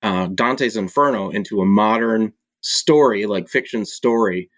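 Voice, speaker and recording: A man from Michigan, an author and publisher, talking casually as a podcast guest, relaxed and hesitant with frequent ums. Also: on the low side, measured pace, dry recording. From Michigan, USA. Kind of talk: casual conversation.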